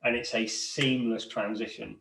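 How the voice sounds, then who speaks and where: A man's voice: on the low side, little pitch movement, moderate pace, gravelly, fairly bright tone, distant mic, a little hiss or hum. Man, podcast co-host, casual chat, enthusiastic, stumbles over starts, roomy sound, a bit off mic. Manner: enthusiastic, repeats words when starting.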